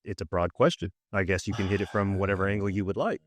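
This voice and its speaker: A man with a low voice talks fast while co-hosting a podcast, playing a mock therapist in casual comedic banter. He's playful and repeats himself often, and the recording is dry and studio quality.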